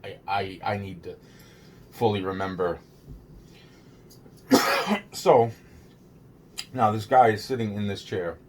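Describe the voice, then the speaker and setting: A man's voice: fairly low pitch, steady tone. Guy telling a true story, stumbles n restarts a lot, swears nonstop, kinda rattled, faint hum behind. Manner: rambling and halting, many restarts and repeated words; swears constantly. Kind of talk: casual first-person true-story retelling.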